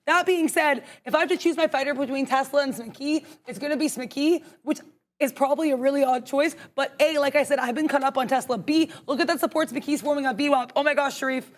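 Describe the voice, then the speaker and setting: A young woman calls her trades aloud on a live stream, talking quickly and emphatically and pushing her voice high when she gets excited. She thinks out loud and argues with herself before committing to a trade. The delivery is fast, animated market commentary. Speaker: co-host trading live.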